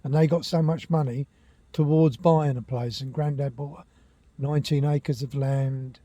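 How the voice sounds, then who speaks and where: A man's voice: medium pitch, little pitch movement, a little slow, warm tone, no echo. An older man, chatting at home and rambling through family stories, correcting himself as he goes. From England. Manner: rambling, chatty, self-correcting, laughs at own tales. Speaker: walking vlogger. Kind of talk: casual storytelling to camera. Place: at home, indoors.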